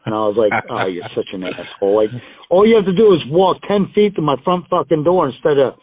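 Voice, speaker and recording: A man's voice: on the high side, sing-song, a little fast, slightly rough, no echo. A middle-aged man, a guest on an interview show, telling stories in a casual, rambling way with emphatic swearing. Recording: dry, tinny phone line.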